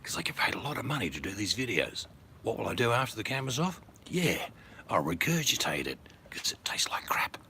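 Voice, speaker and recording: Man sends up a cynical TV survival host: low voice, mocking half-whisper, smug. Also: sing-song, a little fast, creaky, bright, forceful tone, slight background noise, heavily acted.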